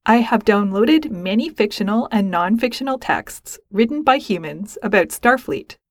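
A woman's voice: medium pitch, animated, moderate pace, no room sound, studio quality. A woman voicing a young male alien cadet who speaks in a precise, formal, unemotional way.

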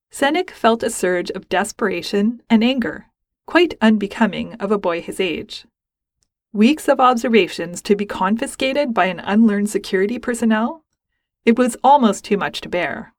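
Woman, story narrator, even steady reading, mid pitch, dry sound. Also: moderate pace, no echo. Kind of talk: reading fan fiction aloud.

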